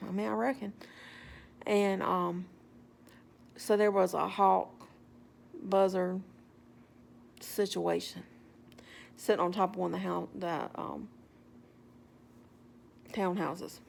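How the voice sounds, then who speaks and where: A woman telling a story in a casual, animated way with wry humor. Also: medium pitch, measured pace, vocal fry, long pauses, slight background noise.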